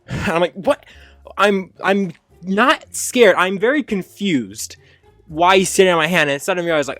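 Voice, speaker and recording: A man casually telling a funny childhood story, rambling with fillers and self-corrections and jumping up high when he acts out his younger self. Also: animated, unhurried, fairly bright tone, dry recording, soft background music. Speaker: storyteller host.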